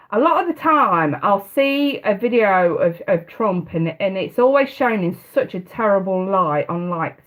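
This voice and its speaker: A woman's voice: mid-range voice, poor audio. A woman, hosting a live tarot stream in casual, hesitant chat and laughing often. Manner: chatty, hesitant, often restarting, laughs a lot.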